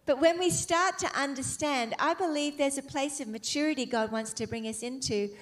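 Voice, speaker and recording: Fervent female preacher, high voice, builds from hushed phrasing to loud passionate peaks. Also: normal speed. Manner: fervent, building to emphatic exclamations. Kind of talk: sermon.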